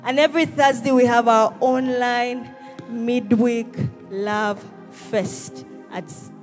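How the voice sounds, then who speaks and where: A woman's voice: a little high, steady tone, slow pace. A woman hosting a church service, rousing the congregation with calls and responses. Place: church hall with live congregation. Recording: church service with music behind. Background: music.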